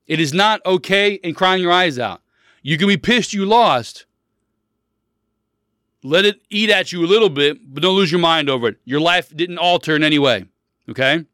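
A man's voice: a little high, moderate pace, sharp tone, clean tone, no room sound, studio quality. A man in his thirties hosting a casual solo podcast, blunt and preachy, hammering his points home by repeating them. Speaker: podcast host.

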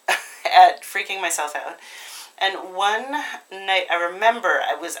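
A woman's voice: fairly low pitch, sharp tone, low-quality recording. A woman telling a childhood story in a casual, self-deprecating way, laughing often and restarting her sentences.

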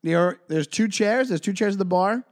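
A man co-hosting a podcast and telling a story in a casual chat, animated, with his voice jumping up when he quotes people. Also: high voice, moderate pace. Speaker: podcast co-host and comedian.

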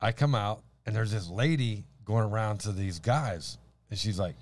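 A man's voice: fairly low pitch, moderate pace. A man co-hosting a faith chat, telling a story with lots of laughter and restarts. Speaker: podcast co-host.

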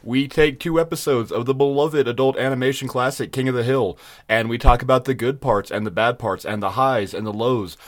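A man's voice: mid-range voice, steady tone, brisk, hardly any pauses. An easygoing man co-hosting a casual podcast, talking in a folksy way. His speech sounds slightly odd after dental work. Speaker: podcast co-host.

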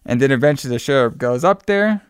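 A man's voice: mid-range voice, animated, fast, clean tone, dry recording, studio quality. A man casually recapping a film plot for a podcast, rambling with fillers and playful asides. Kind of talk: casual movie recap chat.

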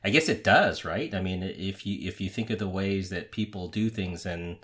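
A man's voice: low voice, normal speed, a bit bright. A man co-hosting a podcast in casual chat, musing aloud with emphatic asides. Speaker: podcast co-host.

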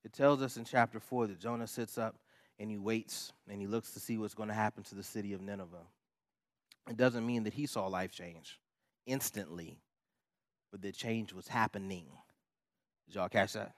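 A man's voice: fairly low pitch, steady tone, moderate pace, dry recording, studio quality. A male pastor preaching a sermon, emphatic and repetitive, with casual asides to the congregation.

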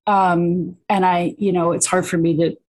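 A middle-aged woman speaks as a guest, her voice sitting a little low for a woman. She tells stories with animation, peppering them with "you know" and quick restarts. Her tone is casual and conversational. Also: flat delivery, a little mellow. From United States. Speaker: guest, children's book author and parent. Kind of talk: casual interview chat.

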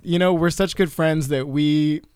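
A man's voice: on the high side, steady tone, measured pace, a little mellow, smooth, no echo, studio quality. A young man co-hosting a casual faith podcast, agreeable and summing things up. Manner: easygoing, agreeable, sums things up. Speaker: podcast co-host. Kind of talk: casual chat.

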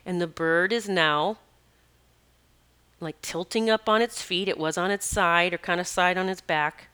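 A woman's voice: fairly low pitch, fairly even intonation, measured pace, pushed and bright, clean tone. A woman who works as an animal communicator and healer, telling a personal story in a rambling, conversational way with many asides.

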